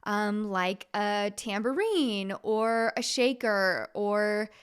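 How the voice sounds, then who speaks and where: A woman's voice: medium pitch, very slow, clear, resonant tone. A woman, a music therapist and podcast host, explaining steps plainly with a few fillers and singing simple call-and-response demos. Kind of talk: teaching podcast with sung demonstrations.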